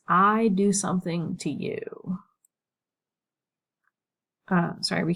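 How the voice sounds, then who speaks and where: A woman's voice: medium pitch, darkish tone, poor audio. A woman teaching Latin, talking through the text casually and thinking aloud, with many "right?" and "like" fillers.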